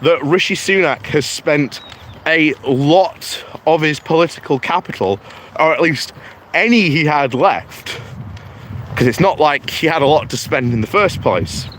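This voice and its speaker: A man's voice: fairly high pitch, expressive, a bit bright, a little hiss or hum. A British man hosting a political live stream, chatting casually and reading out viewer comments in a rambling way with many fillers. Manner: slow, rambling, with frequent fillers.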